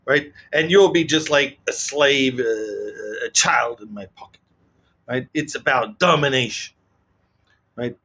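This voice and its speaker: A man giving casual, animated political commentary, often checking in with "right?". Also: mid-range voice, a little slow, breathy edge. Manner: animated, keeps asking "right?".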